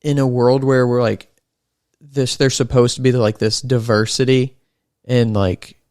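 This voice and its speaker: A man's voice: medium pitch, flat delivery, measured pace, darkish tone, clear, resonant tone, no echo, clean studio sound. A man hosting a podcast, asking long, thoughtful, winding questions in a casual chat. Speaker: podcast host.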